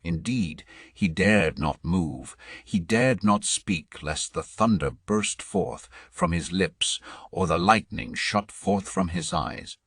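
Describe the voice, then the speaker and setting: A male narrator reading a storybook audiobook in a measured, dramatic way. His voice is very low and husky, and he takes his time. The sound is close and dry, as from a studio booth. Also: very animated, a bit bright, dry recording.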